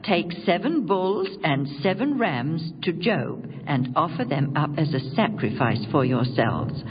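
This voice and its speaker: A storyteller voicing God, who gives a firm and measured rebuke. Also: mid-range voice, big pitch swings, slightly rough, big-room sound, recorded from a distance, heavily acted. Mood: stern. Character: stern, loving divine voice. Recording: dull lo-fi recording with music.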